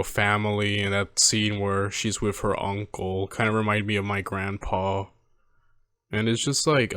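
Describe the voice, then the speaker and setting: A man in his twenties hosting a movie reaction, talking in a rambling, halting, heartfelt way from home. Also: on the low side, a bit bright, clear, resonant tone, no room sound, clean studio sound. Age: 20s. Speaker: reaction video host. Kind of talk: casual reflective commentary.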